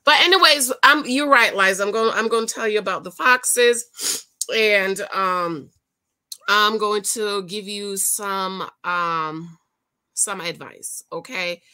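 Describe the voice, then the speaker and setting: Woman, vlogger, casual chat, bright forward voice, talks straight to viewers. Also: mid-range voice, slow pace. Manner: chatty, talks directly to viewers. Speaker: vlogger and author.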